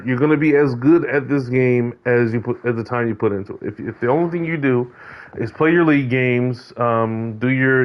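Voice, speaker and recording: A man talking casually about a football video game, rambling with many fillers and restarts. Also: mid-range voice. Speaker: host of a video game league check-in. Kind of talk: casual commentary monologue. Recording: dull lo-fi sound.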